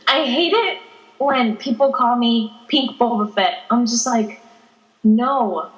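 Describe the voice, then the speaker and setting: A teenage girl chatting casually as a podcast guest, giggling and telling animated stories. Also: a little high, measured pace. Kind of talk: casual chat. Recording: echoey room.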